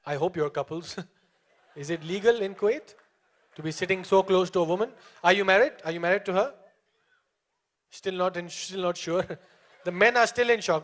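A man's voice: sits high, normal speed, pauses often. A young man from India performing a stand-up comedy set at a live venue, chatting with the crowd and laughing often. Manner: lively crowd work, lots of laughing.

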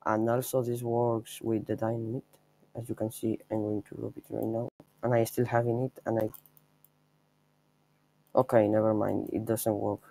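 A man's voice: on the low side, little pitch movement, normal speed, vocal fry, long pauses, warm tone, rough recording. A young man giving offhand, rambling commentary over his own gameplay, showing a trick step by step. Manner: offhand, rambling, chuckles at himself. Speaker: gameplay video maker.

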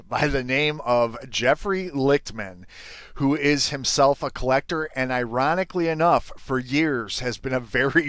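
A man's voice: mid-range voice, a bit bright, dry recording. A man hosting a hobby news roundup with wry, joking asides. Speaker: show host.

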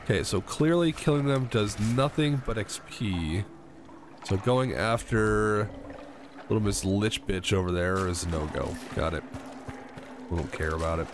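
A man's voice: on the low side, unhurried, noisy background. A man giving casual let's-play commentary, rambling, swearing freely and talking to himself and the game characters. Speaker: gamer playing a video game.

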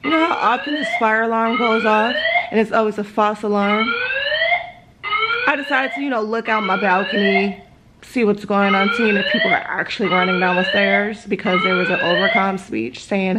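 A woman's voice: medium pitch, moderate pace, heavy background noise. Woman vlogger, mid-range voice, drowsy, blunt and profane, loose rambling chat from home. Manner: blunt, swears freely, rambling asides. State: sleepy. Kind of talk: casual vlog chat. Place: at home in her apartment.

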